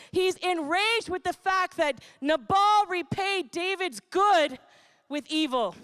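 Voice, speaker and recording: High-voiced, emphatic woman preacher. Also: no room sound. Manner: animated, emphatic, laughs between points. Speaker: pastor. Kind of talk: sermon. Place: church.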